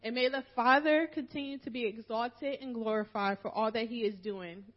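A woman's voice: fairly high pitch, normal speed, highs cut off. A woman from Philadelphia reading a prepared farewell speech to her church, emotional and holding back tears. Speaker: minister's wife giving a farewell talk.

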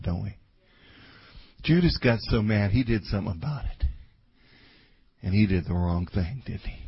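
A man preaches a sermon in a husky, slightly breathy voice at an ordinary pitch. He shifts between loud, dramatic bursts and quiet, confiding asides. The recording sounds dull and muffled.

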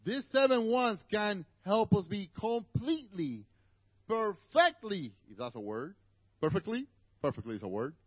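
A man's voice: high-pitched, big pitch swings, unhurried, breathy edge, dry recording, dull audio. A man with a Spanish accent, native Spanish speaker, preaching a conversational sermon to a church congregation with asides to the listeners.

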